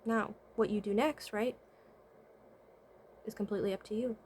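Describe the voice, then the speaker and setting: A woman vlogger and spiritual consultant chats casually to camera, offering life advice in a medium-pitched, darkish voice at a moderate, steady pace. She poses rhetorical questions, checks in with "right?", and often hums "mm-hmm" while thinking aloud. There's slight background noise.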